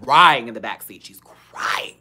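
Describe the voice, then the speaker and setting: Hosting a livestreamed Q&A, a young woman tells a sassy, dramatic, profane story, breaking into laughter now and then. Her very deep voice has lively intonation and a measured pace, sounding pushed and bright with a breathy edge.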